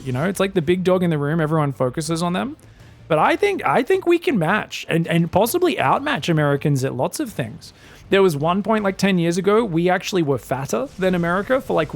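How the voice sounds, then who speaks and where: Chatty Australian man with a gravelly voice. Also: fairly high pitch. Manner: chatty, rambling, joking asides. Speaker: esports caster. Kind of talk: casual live commentary.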